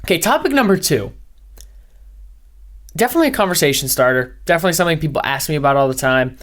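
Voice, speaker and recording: A young man, a podcast host and former radio DJ, rambling in a fast, high-energy casual way with lots of "like" fillers. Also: expressive, fairly bright tone. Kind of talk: casual solo podcast rant.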